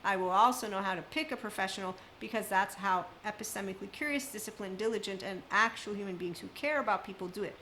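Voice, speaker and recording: A woman's voice: medium pitch, fast talker, hardly any pauses, bright, forceful tone, slight background noise, rough recording. Emphatic woman giving a preachy monologue. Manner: emphatic, preachy, run-on sentences. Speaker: spiritual self-help speaker. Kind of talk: impassioned unscripted monologue.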